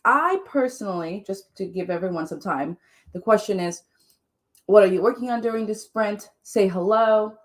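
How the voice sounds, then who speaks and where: A woman's voice: medium pitch, moderate pace. A young woman from Chile hosting a casual livestream writing sprint, bubbly and gushing, laughing often.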